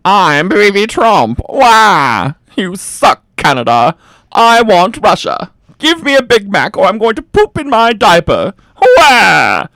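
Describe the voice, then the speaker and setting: A man's voice: high-pitched, huge pitch swings, slow, pushed and bright, no room sound, pitched above the performer's own voice, heavily acted. A man voicing a wailing, spoiled baby man who throws whiny tantrums in a comedy radio sketch. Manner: bawling, whining tantrum cries.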